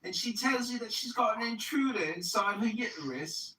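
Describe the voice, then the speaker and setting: A woman's voice: a little high, lively intonation, moderate pace, pushed and bright. A woman arguing heatedly, mocking and insulting the other side with lots of swearing. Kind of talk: heated online argument. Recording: echoey and far from the mic.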